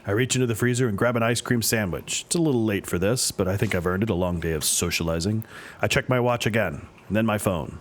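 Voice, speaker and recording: For a let's play, a man with a lowish voice reads a story game aloud at a fast pace, playing the dad character and tossing in playful jokes between lines. Slight hiss or hum sits under the audio.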